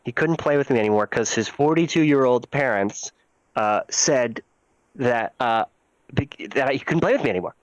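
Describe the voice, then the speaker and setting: A man's voice: mid-range voice, lively intonation, moderate pace, dry recording, low-quality recording. Dry-sounding man doing stand-up on video. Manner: rambling, self-mocking, sudden loud jumps into voices. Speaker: stand-up comedian. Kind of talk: stand-up set over a video call. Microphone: video call.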